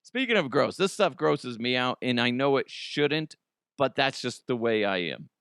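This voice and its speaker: American guy doing funny news, super lively voice, swears a lot, dry close sound. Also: medium pitch, normal speed, creaky, clean tone, dry recording. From United States. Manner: animated, swearing, laughing at his own jokes. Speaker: comedy news host. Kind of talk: casual comedic news commentary.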